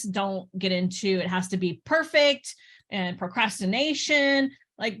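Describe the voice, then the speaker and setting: A middle-aged woman business coach giving a casual motivational talk to camera, energetic and chatty, checking in often with "right?". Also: a little high.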